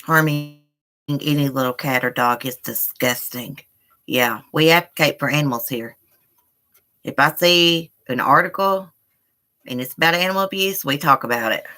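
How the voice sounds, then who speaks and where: A woman's voice: sits low, moderate pace, bright, forceful tone. A woman hosting a live stream from home, chatting casually and rambling while she talks to her viewers as y'all. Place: indoors at home.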